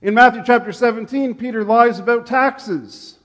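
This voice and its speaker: High-voiced pastor preaching in an echoey church. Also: male voice, normal speed. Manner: animated storytelling, acting out the quotes. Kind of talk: sermon. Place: church sanctuary.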